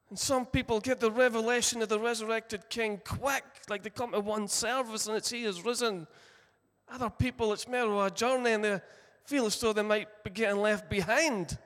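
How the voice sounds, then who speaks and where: A Scottish man delivers a sermon from the pulpit, unhurried and deliberate, leaning on his key phrases. His voice sits a little high for a man, and the words ring out in a long hall reverb. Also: fairly bright tone. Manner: earnest storytelling preacher, slow deliberate emphasis. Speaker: pastor.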